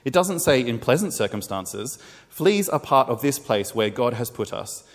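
A man reading the lines of a calm, devout woman who gently insists, in a reverberant hall. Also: medium pitch, normal speed. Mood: serene.

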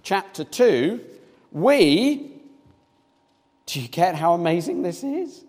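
Guy preaching, high voice that jumps all over, big hall echo. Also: takes it slowly, long pauses. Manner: animated, acts out little scenes in voices. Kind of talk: sermon. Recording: long reverb of a large hall.

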